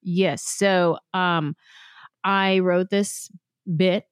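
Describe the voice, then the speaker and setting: A woman comedian from San Jose, telling stories in a quick, animated way as an interview guest. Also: fairly low pitch, smooth, dry recording, clean studio sound. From San Jose, California, US. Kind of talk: casual interview storytelling.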